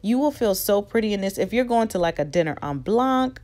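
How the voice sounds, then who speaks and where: A woman fashion vlogger chatting casually to her viewers in a try-on haul, expressive and direct. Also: medium pitch, fairly quick.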